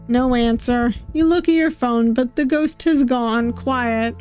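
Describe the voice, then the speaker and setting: A woman's voice: a little high, normal speed, few pauses, a little mellow, clean tone, faint music behind. A woman streaming a visual novel playthrough, reading its text aloud with playful voices and laughter.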